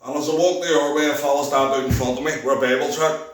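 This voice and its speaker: A man's voice: fairly high pitch, steady tone, racing, very echoey, recorded from a distance, poor audio. A man with a Belfast accent telling his personal testimony in a rambling way, restarting often and acting out the voices of the people he quotes. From Northern Ireland. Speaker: testimony speaker.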